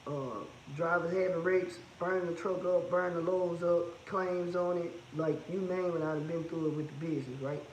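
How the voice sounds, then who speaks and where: A man's voice: a little high, fairly even intonation, moderate pace, hardly any pauses, roomy sound, slight background noise, rough recording. A man who owns a trucking business, talking casually and bluntly about its costs, repeating his points for emphasis. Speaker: trucking business owner giving advice. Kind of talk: casual advice monologue.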